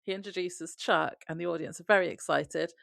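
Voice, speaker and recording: A woman co-hosting a casual podcast, walking through scenes of a TV episode and laughing along. Her voice is fairly low with a strong creaky fry. The recording is dry and close. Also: fairly quick, no echo. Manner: relaxed storytelling, frequent laughter. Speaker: podcast co-host. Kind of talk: casual chat recapping a TV episode.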